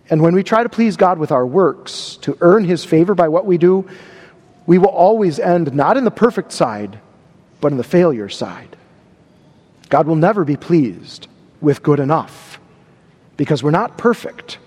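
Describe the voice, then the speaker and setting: A man's voice: a little high, sing-song, measured pace, darkish tone, slightly rough, long reverb tail. A man preaching a sermon, stressing and repeating key words. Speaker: pastor.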